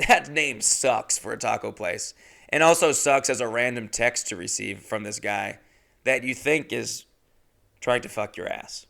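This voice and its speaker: A young adult man, a podcast host, telling a comedic story alone, indignant and swearing, jumping into high exaggerated voices when he quotes people. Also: a little slow, vocal fry, pushed and bright.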